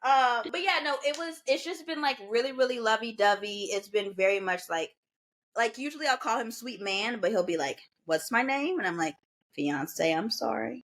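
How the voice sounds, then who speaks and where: A woman's voice: on the high side, fairly quick. A woman in her twenties co-hosting a podcast, telling stories in a casual chat and slipping into voices of the people she quotes. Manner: animated storytelling, mimics others' voices. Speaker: podcast co-host.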